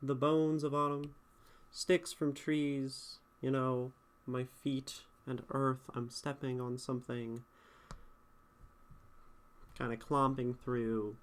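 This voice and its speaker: Male streamer, measured pace, casual poetry critique that sounds out meter as he goes. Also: mid-range voice. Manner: thinking aloud, tapping out rhythm with syllables.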